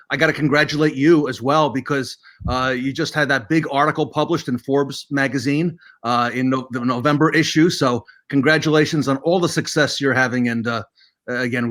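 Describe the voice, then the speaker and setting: A man's voice: mid-range voice, fairly even intonation, normal speed, fairly bright tone. A man hosting an event, introducing and welcoming his guest with some filler words. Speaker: host.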